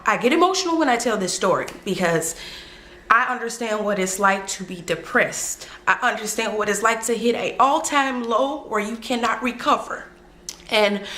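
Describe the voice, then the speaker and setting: A woman's voice: fairly high pitch, sharp tone. A woman vlogger talking heartfelt to the camera, earnest and insistent, repeating phrases for emphasis, in a room at home on the camera mic. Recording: echoey room.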